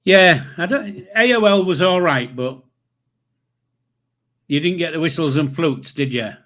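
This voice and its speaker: An older man hosts a casual livestream, reading comments and chatting loosely with viewers in a slightly high, a bit bright voice at a measured pace. He rambles, swears casually and chuckles to himself.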